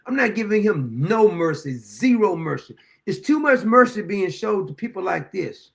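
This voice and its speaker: A man's voice: high-pitched, big pitch swings, normal speed, gravelly, a bit bright. A man hosting a show, reacting to a courtroom video in a blunt, profane, indignant way, rambling with restarts. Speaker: show host.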